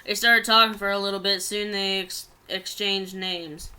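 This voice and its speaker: A woman's voice: mid-range voice, steady tone, moderate pace, sharp tone, clean tone. A woman reading a long story aloud in a plain way, often stumbling and restarting words.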